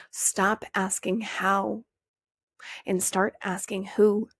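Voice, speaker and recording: A young woman talks straight into a dry, close mic, her mid-pitched voice carrying a gravelly fry. She hosts a podcast in a casual, animated way, swearing freely and jumping up in pitch to act out questions she used to ask. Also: no echo. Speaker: podcast host. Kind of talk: casual motivational monologue.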